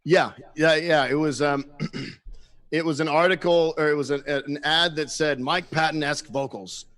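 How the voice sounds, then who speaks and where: A man telling a story in casual chat as a guest musician, animated, swearing freely and laughing often. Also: a little high, normal speed.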